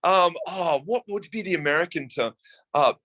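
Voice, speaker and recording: A man's voice: fairly high pitch, moderate pace, pushed and bright, no echo. A man with an Australian accent, chatting as a guest in a casual interview, laughing often and swearing casually. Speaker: guest musician.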